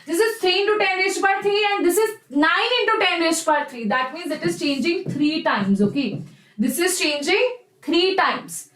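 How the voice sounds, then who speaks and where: A woman's voice: extremely high pitch, lively intonation, moderate pace, a bit bright, roomy sound, low-quality recording. A young woman with an Indian English accent, teaching a live online chemistry class in a chatty, encouraging way. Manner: chatty and encouraging, addresses students as "bacha".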